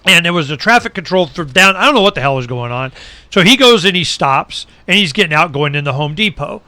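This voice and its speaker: A middle-aged man hosts a talk show with a slightly high, bright, forceful voice. He tells stories in casual chat, animated, sinking low for muttered asides. The sound is close and dry, with no room around it. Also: a little fast, no room sound. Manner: animated storyteller, drops pitch low for asides. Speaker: radio show host.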